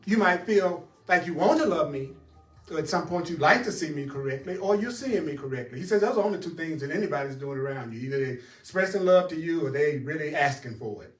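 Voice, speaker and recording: A man's voice: a little high, lively intonation, moderate pace, pauses often, roomy sound, far from the mic, faint music behind. A man teaching a spiritual class, talking straight to his audience with emphasis and frequent laughter.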